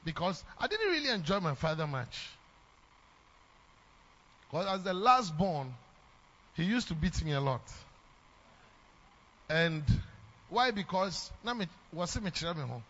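A Ghanaian man with a Ghanaian English accent preaches a sermon in church, emphatic and repeating lines for effect. His voice is high-pitched and sing-song with a sharp tone, a little slow, with frequent pauses. The sermon was captured on a dull lo-fi recording.

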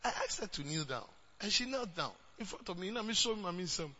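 Bright-voiced Ghanaian preacher man. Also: high-pitched, expressive, fast, highs cut off. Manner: switches between English and Twi, rising to shouts. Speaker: pastor. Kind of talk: sermon.

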